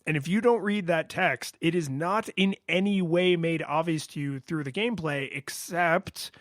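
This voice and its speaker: A man's voice: a little high, moderate pace, no echo, studio quality. A man co-hosting a podcast, chatting casually and rambling through a retro game review with many fillers and restarts. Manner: rambling, lots of fillers and restarts, acts out his own past excitement. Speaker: podcast co-host.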